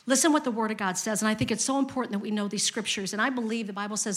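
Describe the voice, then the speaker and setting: A woman's voice: mid-range voice, fast talker, few pauses, a bit bright. A woman in her fifties preaching a sermon to her congregation, with emphatic repetition and direct questions to the listeners. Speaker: pastor.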